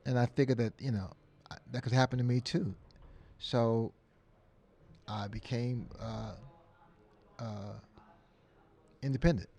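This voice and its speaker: A man's voice: mid-range voice, a little slow, creaky, pauses often. Guy in his 60s chatting as a guest, tells stories big, does the voices, laughs a lot. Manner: animated storyteller, acts out quotes, laughs often. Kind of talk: casual interview chat.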